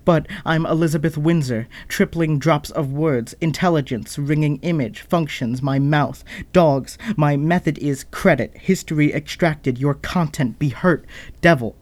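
A man with a fairly high voice reads experimental spoken-word poetry, jumping between images and cutting himself off with quick asides. The sound is close and dry, with no room around it. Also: a little mellow, dry recording. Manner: fragmented, associative delivery with abrupt asides and apologies.

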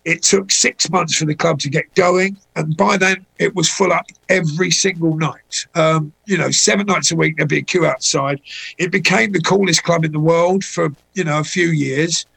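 A man's voice: a little high, moderate pace, creaky, breathy edge, poor audio. A middle-aged man, telling anecdotes as a guest in a casual chat. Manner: anecdotal, animated when voicing people in stories.

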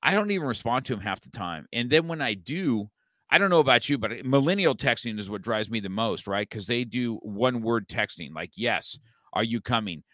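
A man's voice: mid-range voice, animated, moderate pace, a bit bright, dry recording, studio quality. A male podcast host in casual chat, joking, laughing often and tacking "right?" and "man" onto his lines.

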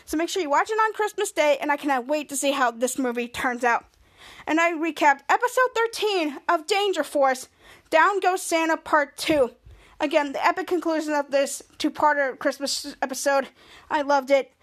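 A young woman hosting a podcast, excitedly recapping a TV episode and acting out the characters' lines in playful voices. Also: high-pitched, normal speed. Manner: excited, rambling, acts out quotes in playful voices. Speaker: podcast host.

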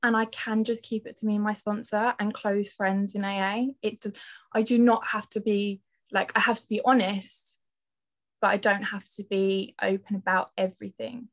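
A young woman guest on a podcast, telling her own story in a hesitant, halting way. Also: medium pitch, little pitch movement. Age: young adult. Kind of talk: casual personal storytelling.

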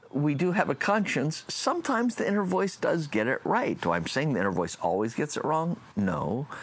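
A man who is a preacher, delivering a reflective sermon and slowing down on key phrases. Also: mid-range voice. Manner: lively, reflective delivery with slowed emphatic phrases.

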